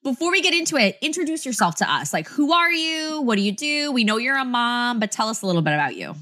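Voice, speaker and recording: A woman's voice: fairly high pitch, sing-song, fast, sharp tone. Gushing woman host with a Jersey accent. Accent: New Jersey. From New Jersey. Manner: gushing, enthusiastic, repeats phrases. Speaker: podcast host. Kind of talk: casual interview chat.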